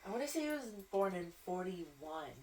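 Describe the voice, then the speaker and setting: A woman's voice: on the low side, very animated, warm tone, recorded from a distance, slight background noise. Off-mic woman in an echoey room. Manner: dry quick remarks, laughs along. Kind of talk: casual group chat.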